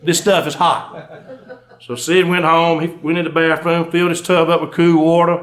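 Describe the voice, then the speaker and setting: With a completely flat delivery, this fairly high-pitched man speaks a little fast. He's an undertaker and storyteller with a Georgia accent, recounting comic stories to a live audience in a folksy drawl and chatting to the crowd.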